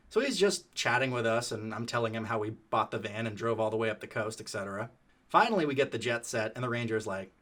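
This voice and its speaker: A man narrating a story in a casual, animated, profane conversational way. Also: mid-range voice, fast.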